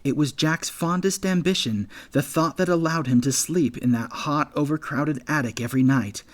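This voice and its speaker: A man narrating an audiobook in measured, scripted storytelling. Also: a little high. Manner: measured storytelling, voicing all characters.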